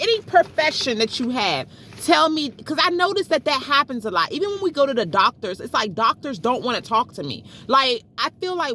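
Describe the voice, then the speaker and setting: A middle-aged woman vlogs from her phone in a parked car. Her voice is bright and sits a little high, and faint vehicle noise hums underneath. She vents in a chatty, exasperated way and keeps turning to her viewers as y'all. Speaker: vlogger. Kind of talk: casual storytelling vlog.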